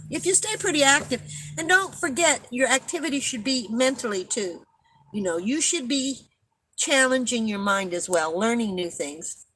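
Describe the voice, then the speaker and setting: Older woman live-streaming, rambly and chatty, bright tone, frequent coughs, faint hiss behind. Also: fairly high pitch, poor audio. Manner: rambling, chatty, laughs at own stories. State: coughing often. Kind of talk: casual live-stream chat with viewers.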